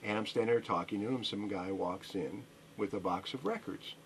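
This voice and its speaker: A middle-aged record store owner, appearing as a guest on a radio interview, tells a rambling story packed with fillers and restarts. His voice is on the low side and fairly quick, with slight background noise.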